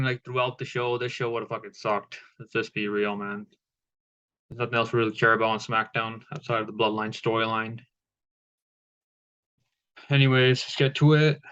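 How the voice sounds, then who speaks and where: A man's voice: mid-range voice, fairly bright tone, clean tone, dull audio. A man giving a casual, profane recap of a wrestling show, with lots of fillers.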